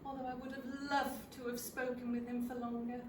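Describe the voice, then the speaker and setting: An older woman, performing a comic stage monologue in a wry, self-deprecating, expressive manner. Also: on the high side, a little fast, background noise. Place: theatre stage. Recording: roomy theatre, from a distant mic.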